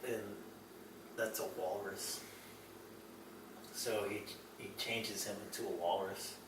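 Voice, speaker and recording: A young man in casual chat with a friend, rambling as he retells a movie, laughing often and acting out scenes. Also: lowish voice. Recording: echoey room, mic from a distance, faint noise.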